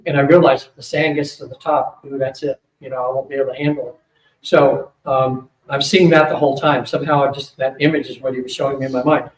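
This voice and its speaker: An older man speaking at a psychic fair, telling a long rambling story to an audience, with many fillers and quick asides. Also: mid-range voice, little pitch movement. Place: hotel event room. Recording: roomy, distant mic with faint hum.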